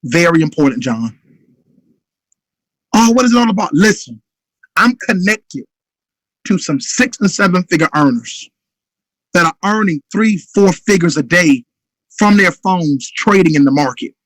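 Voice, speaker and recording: A man's voice: on the high side, animated, a little slow, fairly bright tone, no room sound, low-quality recording. A man giving a motivational business talk in an urgent, emphatic way, sometimes acting out sales calls. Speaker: motivational speaker.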